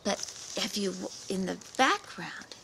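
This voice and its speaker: Woman, children's book reviewer, animated dramatic retelling, mid pitch, some fry. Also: slow, noisy background.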